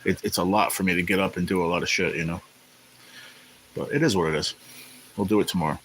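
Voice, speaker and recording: A man hosting a casual live stream, rambling in a laid-back way and greeting viewers by name, sounding tired and low on energy. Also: steady tone, fast, fairly bright tone, a little hiss or hum, rough recording. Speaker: livestream host. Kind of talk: casual livestream chat.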